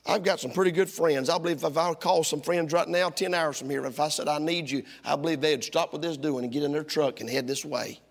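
Man, middle-aged pastor, high ringing voice, sermon, loud-to-hushed swings, long church echo. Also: steady tone, a little fast, gravelly, hardly any pauses. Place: church sanctuary.

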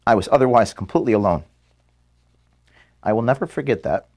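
Man, emotional farewell address, halting, earnest, close to tears, office room. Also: mid-range voice, expressive, a little mellow. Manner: halting, earnest, stops to apologize. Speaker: organization founder giving a farewell speech to staff. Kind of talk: personal farewell address filmed for staff.

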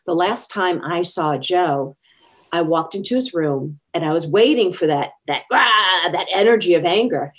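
Her voice sits lowish and moves at a moderate pace. As a guest in an interview, this woman tells personal stories conversationally, sincere in manner and performing the quoted speech as she goes.

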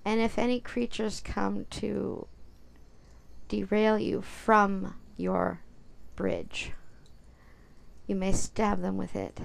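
A woman voicing a calm, helpful female dragon guide in a slow, gentle instructing tone. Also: mid-range voice, creaky.

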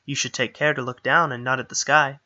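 A man's voice: mid-range voice, steady tone, brisk, pushed and bright, dull audio. A man voicing a mischievous goat-man trickster who talks in sing-song rhymes. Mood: playful. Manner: sing-song rhyming speech.

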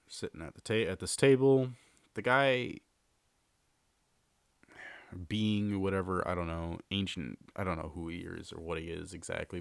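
Low gravelly man telling a story. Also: no echo. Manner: rambling, filler-heavy, repeats himself. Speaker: podcast host. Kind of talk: casual storytelling monologue.

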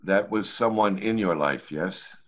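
A man with a very low voice hosts an online poetry reading, gently introducing readers. He speaks softly and a little hesitantly. The audio is dull and lo-fi. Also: measured pace. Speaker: open mic host. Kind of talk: casual hosting.

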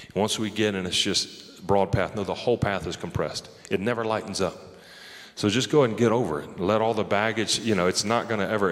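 A man preaching a sermon in a loose, conversational way, often laughing and talking straight to the crowd. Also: lowish voice. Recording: long hall reverb.

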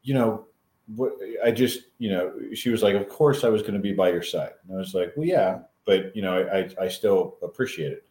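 Deep-voiced guy talking slow and thoughtful, lots of restarts, roomy sound. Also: mellow. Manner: halting, reflective, frequent restarts and throat clearing. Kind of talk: casual chat.

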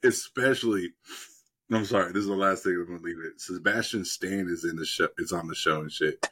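A man's voice: deep voice, brisk, bright, forceful tone, breathy edge. A man in casual chat, rambling and profane, retelling TV scenes with laughs between his lines. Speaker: podcast co-host.

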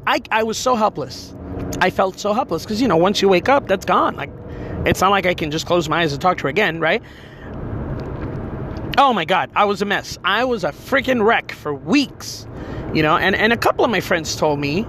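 A man retelling a dream in an emotional, animated way, full of fillers and quoted speech. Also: sits high, normal speed, noisy background. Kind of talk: personal storytelling.

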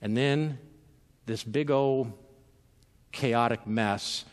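A man's voice: mid-range voice, drawn-out words, big-room sound. A man preaching a sermon in a loose, conversational way, with many fillers and repeated words as he restarts his sentences. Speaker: pastor.

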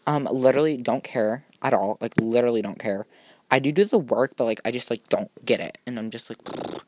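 A young male student hosts a rambling solo podcast, gushing in a valley-girl drawl packed with "like" and "oh my god." He swears casually, mocks himself and hops between topics, his mid-range, darkish voice moving fairly quickly.

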